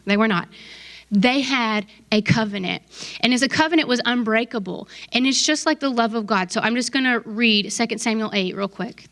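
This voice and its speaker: A woman's voice: a little high, a bit bright. A woman pastor giving a casual sermon, conversational and emphatic, with asides to her listeners.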